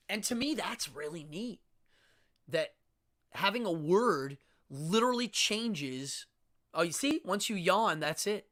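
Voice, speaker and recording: Unhurried and deliberate, a live-stream host in their fifties gives a casual solo monologue in a medium-pitched, slightly bright voice. Their precise, teacherly diction includes acted-out sounds and drawn-out words for emphasis, in a demonstrative manner.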